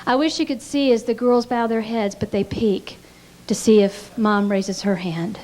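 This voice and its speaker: A woman with a voice a little higher than most speaks earnestly at a pastors' conference. She teaches through heartfelt stories and often stumbles on repeated words as she goes. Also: steady tone, normal speed, darkish tone. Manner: earnest storytelling with frequent stammered repeats.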